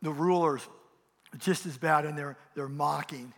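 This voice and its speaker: Unhurried and on the high side, with vocal fry and a fairly bright tone, this pastor preaches with passion, swelling and dropping as he hammers points home and imitating mocking voices. Long hall reverb surrounds the recording.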